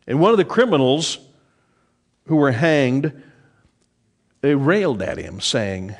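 A middle-aged man preaching a sermon, lively in delivery, dropping low and soft when quoting scripture. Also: measured pace. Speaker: pastor.

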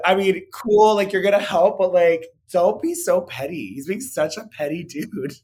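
A man's voice: sits high, normal speed, few pauses, a little mellow, slightly rough. A man co-hosting a casual film podcast, talking animatedly and doing mocking impressions. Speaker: podcast co-host. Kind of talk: casual chat about films.

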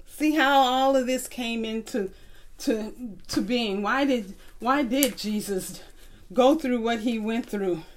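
High-voiced woman teaching kids a bible lesson, slow and patient, has them repeat after her. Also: slight background noise. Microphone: recorded tape.

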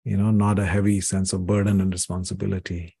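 A man's voice: sits low, little pitch movement, fast talker, creaky, mellow, husky, no echo. A man in his sixties from India, a podcast guest telling personal stories in an earnest, reflective way, often saying "you know". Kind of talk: reflective interview conversation.

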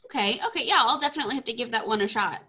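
A woman's voice: on the high side, expressive, rapid-fire, bright, forceful tone, slightly rough. A woman in her twenties from Texas, hosting a casual podcast chat, bubbly and self-deprecating, laughing often. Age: 20s. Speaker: podcast host.

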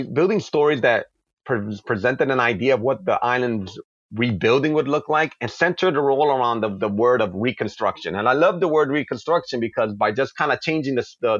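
A man's voice: medium pitch, slightly rough, dry recording, dull audio. Passionate man telling a story. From New York. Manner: passionate, quick-flowing, with acted asides. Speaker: comic book creator, guest. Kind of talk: animated storytelling in an interview.

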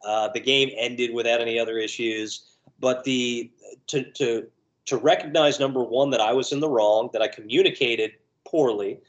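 A man's voice: medium pitch, fairly even intonation, normal speed, low-quality recording. A man, a lacrosse referee, telling an anecdote in a conversational way and acting out the voices he quotes. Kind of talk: conversational storytelling.

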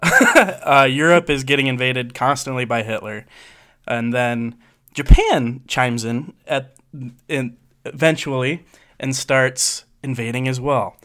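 Bright, clear-voiced man telling stories. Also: medium pitch, takes it slowly. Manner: jokey, laughs through his stories. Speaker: podcast co-host. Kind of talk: casual storytelling chat.

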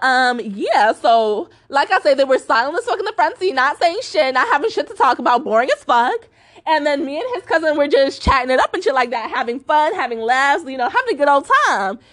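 Fluchende junge Frau beim Storytime-Rant. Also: female voice, sits high, a bit bright. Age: young adult. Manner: casual, heavy cursing, lots of fillers like "like" and "bro". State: up all night, tired. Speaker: vlogger.

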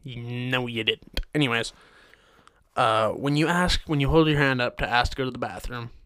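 A man's voice: medium pitch, moderate pace, fairly bright tone, clear, resonant tone, no echo, clean studio sound. A man hosting a comedy rant show, complaining in an exasperated, mock-angry way with a lot of swearing.

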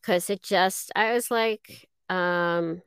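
A middle-aged woman speaking as a guest voice actress in a casual interview, halting and self-deprecating with many fillers. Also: on the low side, fairly even intonation, fairly bright tone, smooth, no room sound, studio quality.

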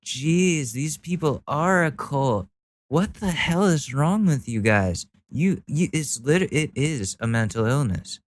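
A man's voice: a little high, animated, slow, dry recording. A man ranting sarcastically in commentary, exasperated and heavily profane as he mocks the posts he reads. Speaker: political commentary vlogger.

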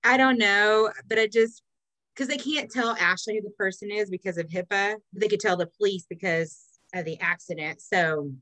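A woman's voice: mid-range voice, normal speed, pushed and bright, dry recording, low-quality recording. A middle-aged woman from Texas chatting casually as a podcast co-host, swearing freely and filling her talk with ums and laughs. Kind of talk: casual chat.

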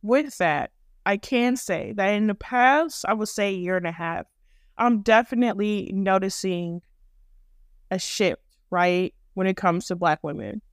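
Young black woman ranting on her podcast, smooth clear voice, dry mic, cusses a lot, very blunt. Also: mid-range voice, unhurried, dry recording. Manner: blunt, profane and emphatic. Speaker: podcast host. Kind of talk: opinionated commentary monologue.

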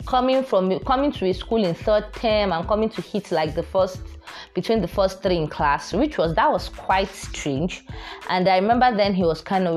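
A woman's voice: medium pitch, darkish tone. A young woman with a Nigerian accent, telling a story casually and animatedly, mixing in Pidgin phrases. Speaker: vlogger.

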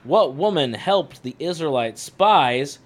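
A man's voice: fairly high pitch, animated, slow. A man hosting a casual Bible quiz with friends, laughing at himself as he reads the questions. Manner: laughing, self-deprecating. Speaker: host asking quiz questions.

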